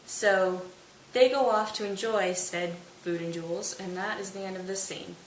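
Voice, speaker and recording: A woman's voice: medium pitch, fairly even intonation, moderate pace. A woman hosting a casual lesson, explaining a play's plot in a chatty way with playful asides. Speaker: host. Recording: roomy distant mic with hiss.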